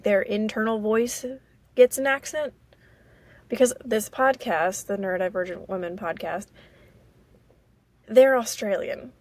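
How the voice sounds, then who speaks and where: An American woman from Maryland hosting a casual solo podcast, rambling and halting with many fillers. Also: medium pitch, darkish tone, no echo. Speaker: podcast host.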